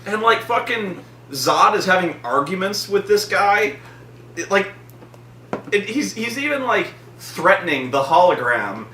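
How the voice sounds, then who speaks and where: A man hosting a casual chat about a film, excitable, rambling and profane. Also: sits high, unhurried, reverberant, distant mic, a little hiss or hum. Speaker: host.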